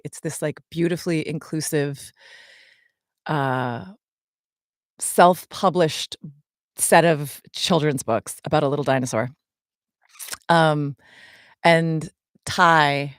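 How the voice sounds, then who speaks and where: A woman's voice: deep voice, dry recording, studio quality. A woman in her forties, co-hosting a podcast and answering fan questions in a chatty way, with many ums and small laughs. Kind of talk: casual podcast chat.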